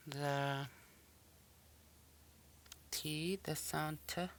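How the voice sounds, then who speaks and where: This is a language teacher working through a recorded pronunciation lesson, saying each sample word and then repeating it. The delivery is extremely slow and the pitch stays flat and level. A faint hiss sits under the voice.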